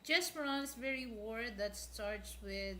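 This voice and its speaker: A woman with a Filipino accent, a native Tagalog speaker, chatting casually in a slow, halting way with many fillers and frequent laughs. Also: on the high side, a bit bright, slight background noise. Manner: laughs often. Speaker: co-host. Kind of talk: casual chat.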